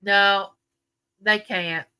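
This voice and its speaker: An older woman with a drawl hosts a casual live chat, her folksy talk drifting between memories and viewers' comments. Her voice is bright and clear, pitched in a middle range. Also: steady tone, extremely slow. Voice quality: chatty, folksy, reminiscing. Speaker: livestream host.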